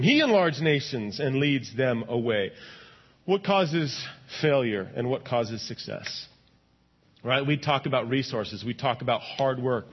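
A pastor preaching a sermon to a congregation in a church, animated and often asking them "right?". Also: male voice, medium pitch, husky, dull audio.

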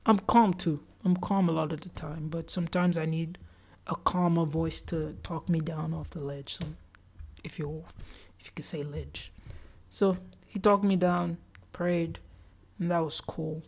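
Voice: medium pitch, fairly even intonation, unhurried, creaky, a little mellow. A solo podcast host recounting their day in a loose, chatty way. The talk is full of "like" fillers, and the host acts out what other people said along the way. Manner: chatty, with many "like" fillers and acted-out quotes. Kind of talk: casual solo storytelling.

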